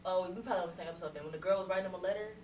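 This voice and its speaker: A woman's voice: fairly low pitch, racing, muffled recording, a crowd in the background. A woman co-hosting a podcast, chatting casually, profane and laughing a lot as she tells stories. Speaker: podcast co-host. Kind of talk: casual chat. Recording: echoey room, distant mic, noisy.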